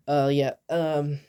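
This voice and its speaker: A woman's voice: sits low, warm tone. A woman YouTuber talking through a video game timeline in casual commentary, rambling with lots of fillers and offhand asides.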